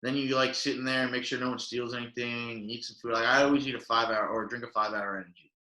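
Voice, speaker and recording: Speaking quickly at a medium pitch, this young podcast co-host tells loose, rambling stories stuffed with fillers. He animates the quotes he acts out, all in an echoey room.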